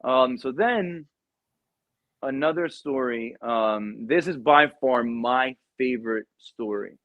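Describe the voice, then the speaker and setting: A man's voice: medium pitch, slow pace, no echo. A man who is a Marine veteran and podcast guest, telling casual, profane stories with many ums. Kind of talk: casual storytelling. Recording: dull, dry lo-fi recording.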